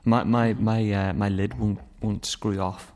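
A man with a Northern Irish accent, co-hosting a casual chat, stumbling over restarts and quick to laugh. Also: lowish voice. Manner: excitable, stammering restarts, laughs easily. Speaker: podcast co-host.

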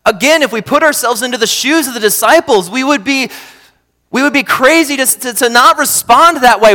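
Animated high-voiced preacher in a reverberant hall. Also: male voice, normal speed. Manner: animated, swings between loud emphatic bursts and quiet low asides. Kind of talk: sermon.

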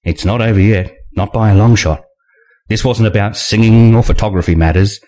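A man reading a first-person thriller aloud in a wry, expressive way. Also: lowish voice, normal speed. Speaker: audiobook narrator.

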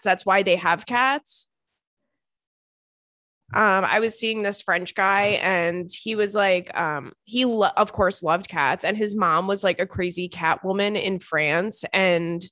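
A loose, chatty woman in her thirties talks casually as a show host, rambling and swearing freely. Her voice sits at a middling pitch. The sound is dry and close, with no room echo. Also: takes it slowly, a bit bright. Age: 30s. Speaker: podcast host answering listener emails. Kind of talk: casual chat.

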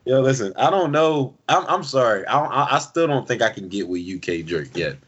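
A man co-hosting a podcast, chatting casually about music in an animated, slangy way full of "yo". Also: mid-range voice, normal speed, husky. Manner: animated, slangy, drops lots of "yo". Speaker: podcast co-host. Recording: dull lo-fi recording.

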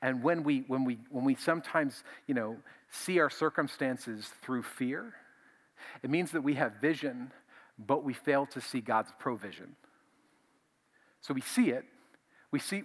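A male pastor preaching a conversational, animated sermon, often repeating himself as he builds a point. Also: mid-range voice, normal speed.

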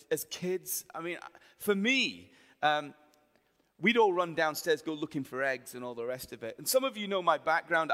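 A man in his forties speaks with a Yorkshire accent, telling stories from the pulpit in a chatty, joking way. His voice sits a little high and sounds bright and forceful. A long reverb hangs behind it, as in a large hall. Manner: chatty, jokey storytelling with the crowd. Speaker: pastor. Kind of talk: sermon.

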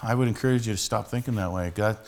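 A man's voice: on the low side, fast talker. A man, a street preacher telling a story and teaching in a conversational sermon style with many restarts.

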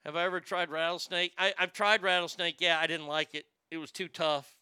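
Bright, sarcastic ranting man. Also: a little high, fairly even intonation, fairly quick, smooth, no room sound. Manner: sarcastic, ranting, stammers and repeats words. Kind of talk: comedic rant.

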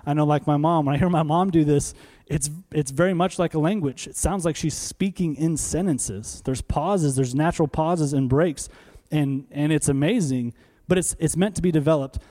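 A man in his thirties delivers a sermon, talking to the congregation as if chatting with them and firing off rhetorical questions. His voice sits a little high, yet its tone is mellow and warm. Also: moderate pace. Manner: animated, conversational preaching with rhetorical questions. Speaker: pastor.

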